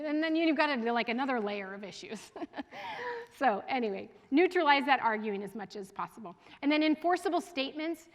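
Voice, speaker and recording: A woman, a school division head, giving a casual, animated parenting talk to parents and often laughing and asking the audience questions. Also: high-pitched. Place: school event room with an audience. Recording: long reverb from a hall.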